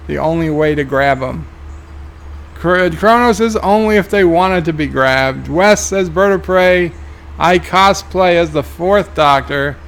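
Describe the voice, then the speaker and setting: Gravelly man reading chat aloud. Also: on the high side, fairly bright tone. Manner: reads viewer comments aloud, dry asides. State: tired, yawning. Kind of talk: casual live-stream commentary.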